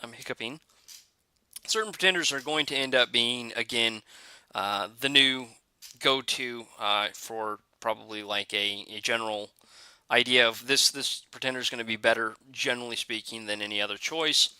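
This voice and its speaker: A man talks through game changes in a relaxed, thinking-aloud way, often pausing on filler sounds and restarting his sentences. His voice is very bright and smooth. The recording is dry and close, with no room sound. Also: mid-range voice, no room sound. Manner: hesitant, many "uh" fillers and restarts. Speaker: gaming video creator. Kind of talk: casual game commentary.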